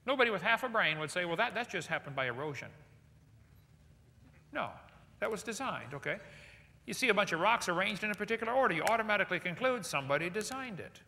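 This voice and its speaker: A man giving a lecture to a live audience in a large hall, animated and jokey, firing rhetorical questions at the crowd. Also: high-pitched, quick pace, vocal fry, slight background noise. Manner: jokey asides. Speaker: seminar speaker. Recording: long hall reverb.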